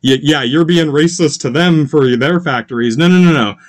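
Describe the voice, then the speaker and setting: A man's voice: fairly high pitch, moderate pace. A man from Canada rambling through a profane political rant, full of restarts and asides. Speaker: channel host.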